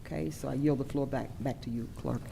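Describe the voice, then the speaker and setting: A woman's voice: a bass voice, fairly even intonation, quick pace, vocal fry, noisy background. A woman chairing a county board meeting, presiding in a formal, gracious way.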